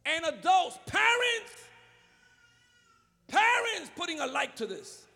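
A man preaching a sermon as pastor, swinging between fervent shouts and low muttering. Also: very animated, slow pace, gravelly, long reverb tail. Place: church.

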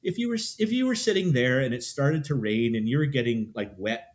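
Man, from canada, casual storyteller, mid-pitched, quotes people he met. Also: lively intonation, brisk. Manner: chatty, quotes people in stories.

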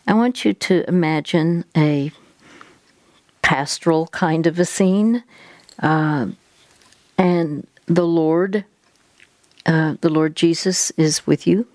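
Low-voiced lady host talking slow and patient, walking a caller through it, dry close sound. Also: darkish tone, no room sound. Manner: measured, patient, guiding the caller step by step. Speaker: host giving faith-based advice.

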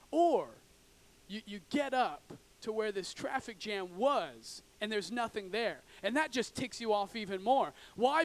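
A man preaching a sermon in an animated way, acting out frustrated drivers and swinging between loud outbursts and hushed asides. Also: very high-pitched. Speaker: pastor.

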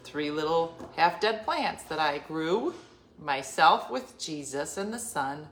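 Speaking slowly in a deep voice, this middle-aged vlogger rambles through a personal story for her audience. She performs each line of dialogue with changing voices, now and then sinking into a whisper, all in a lively, talkative way. Faint background noise and echo fill the room.

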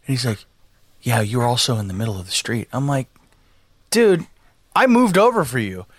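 A man's voice: medium pitch, normal speed, no echo, studio quality. A man co-hosting a podcast, telling a story in casual chat, swearing and acting out the people in it. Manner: animated, swears, acts out voices in his story. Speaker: podcast co-host.

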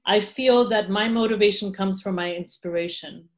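A woman's voice: mid-range voice, normal speed. A woman guest in an interview, talking candidly with frequent laughs and restarts. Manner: candid, laughs often, many fillers and restarts. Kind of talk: casual interview talk.

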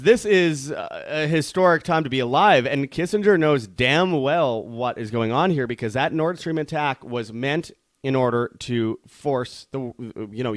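A man's voice: mid-range voice, no echo. A man hosting an online commentary show, talking urgently and rallying his listeners, often calling them his friends. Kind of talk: opinionated commentary.

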